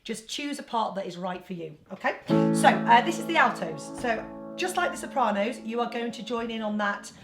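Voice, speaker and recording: A woman's voice: on the high side, expressive, moderate pace. A woman with an English accent leading an online choir lesson, explaining each part in a chatty, teaching way. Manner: chatty teaching, breaks into singing phrases. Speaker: choir leader. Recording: roomy sound over backing music.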